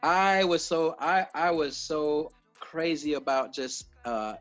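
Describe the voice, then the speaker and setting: A man with a Southern US accent, a singer chatting in a relaxed, halting way during an interview. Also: a little high, soft background music. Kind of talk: casual interview chat.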